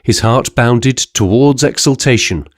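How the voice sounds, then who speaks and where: In a measured, level storytelling manner, a man with a mid-range voice narrates an audiobook, recorded in clean studio conditions with no echo.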